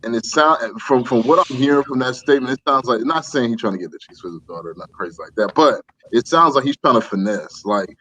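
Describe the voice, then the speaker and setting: A man's voice: mid-range voice, fairly quick, few pauses, bright, forceful tone, slight background noise, poor audio. A man co-hosting a podcast, chatting loosely with hedging slang and restarts. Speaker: podcast co-host. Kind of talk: casual chat.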